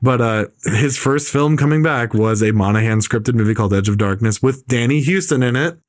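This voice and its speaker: A man's voice: mid-range voice, a little fast, no room sound, studio quality. A man ranting in casual podcast chat, opinionated and rambling, with lots of "like" fillers. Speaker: podcast co-host.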